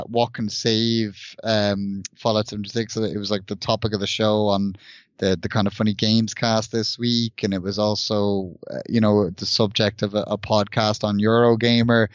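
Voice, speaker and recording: A man's voice: on the low side, no echo, lo-fi sound. A man co-hosting a casual gaming podcast, rambling with many restarts. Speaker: podcast co-host.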